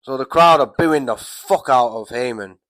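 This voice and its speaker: A man's voice: medium pitch, normal speed, a bit bright, no room sound. A man with a mid-range voice rants through a wrestling recap, rambling and swearing at every turn. His voice sounds dry and close, with no room around it. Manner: profane, rambling, heated. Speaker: wrestling commentator vlogger. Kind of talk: casual ranting recap.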